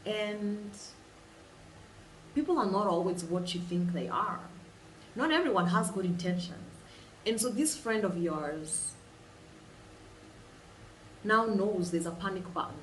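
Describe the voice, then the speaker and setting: Woman, animated storyteller, repeats phrases, echoey room. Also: medium pitch, a little hiss or hum. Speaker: vlogger. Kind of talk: guided imagination exercise. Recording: roomy sound, distant mic, faint ambience.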